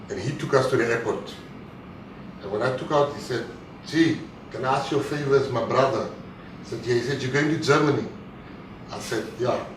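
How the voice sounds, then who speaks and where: A man's voice: medium pitch, a bit bright. A South African man giving a live speech to an audience, telling jokes and acting out what others said. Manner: joking storyteller, acts out quotes. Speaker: guest speaker. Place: event hall. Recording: echoey hall, mic far off, noisy.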